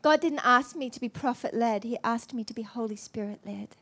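A middle-aged woman with a high voice, preaching from the pulpit. She tells her story with lively, self-mocking animation. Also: a little fast. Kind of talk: storytelling sermon.

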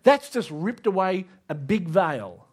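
A man preaching a sermon, emphatic, asking the audience direct questions and rising to near shouts on key lines. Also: high-pitched, sing-song, takes it slowly, husky.

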